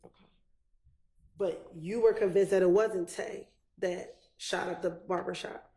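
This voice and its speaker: Gravelly-voiced woman questioning a witness. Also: on the low side, fairly even intonation, warm tone. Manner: methodical, repetitive, measured. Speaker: prosecutor. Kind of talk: courtroom questioning. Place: courtroom.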